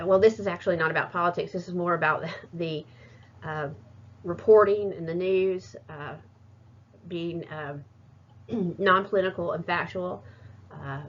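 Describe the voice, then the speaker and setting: A woman giving a recorded class presentation, hesitant and full of fillers and restarts. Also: fairly low pitch. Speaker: student presenter. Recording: muffled lo-fi recording.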